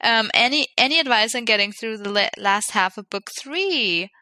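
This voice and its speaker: A woman's voice: on the high side, lively intonation, moderate pace, pushed and bright, dry recording. A woman co-hosting a podcast in casual chat, giggly and playful as she reads out listener messages. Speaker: podcast co-host.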